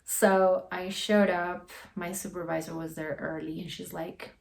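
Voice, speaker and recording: Give me a young woman casually rambling through a story, with a croaky fry. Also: fairly low pitch, little pitch movement, a little slow. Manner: rambling, full of "like" and "you know". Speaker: guest sharing a personal story.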